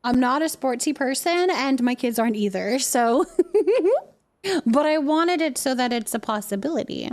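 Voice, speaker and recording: A woman's voice: sits high, expressive, normal speed, hardly any pauses. A woman in her thirties, a mother, chatting casually with her viewers on a live stream while she plays a game, laughing often. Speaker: livestreamer and mother.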